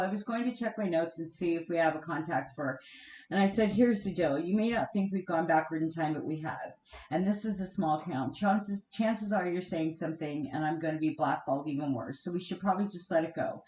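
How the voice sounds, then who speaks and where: A woman's voice: on the low side, darkish tone. A woman venting on a live stream, heated and swearing often, with sighs between bursts of anger. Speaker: vlogger. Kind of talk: angry live-stream rant. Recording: roomy echo.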